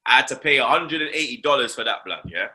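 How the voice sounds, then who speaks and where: A young London host tells a story in casual chat, his mid-range voice very bright, cutting and expressive. He talks fast, packs in slang and swearing, and keeps tacking fillers onto his lines.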